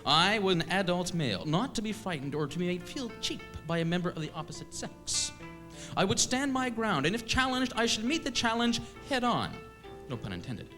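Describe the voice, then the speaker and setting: A man from eastern Canada telling a comic story on stage, with a wry, deadpan, self-mocking delivery. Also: sits high. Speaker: comedian storyteller. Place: stage at a live show.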